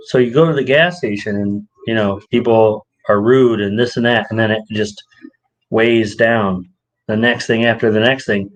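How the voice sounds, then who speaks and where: Heard through a rough recording, this male podcast co-host talks at a moderate pace in a casual conversation. He tells his stories with gusto, acting out what people said with a rising pitch.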